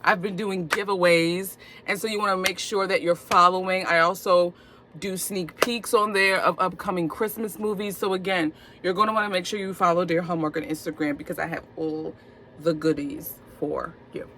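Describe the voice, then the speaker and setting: A young woman hosting her own movie review channel, talking in an animated, playful, chatty way and stretching words for emphasis. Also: on the low side, moderate pace, background noise.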